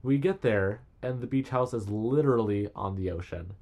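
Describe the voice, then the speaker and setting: A young man chats casually, spinning animated travel stories and slipping into little voices when he quotes people. His voice sits low for a man. He talks like a relaxed podcast guest. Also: moderate pace. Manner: animated storyteller, acts out quotes. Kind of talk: casual chat.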